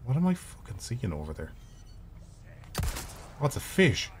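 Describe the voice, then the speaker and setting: A man's voice: medium pitch, huge pitch swings, moderate pace, slight background noise. A man streaming a video game, giving casual, profane and rambling commentary with jokes as he plays. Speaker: gaming streamer.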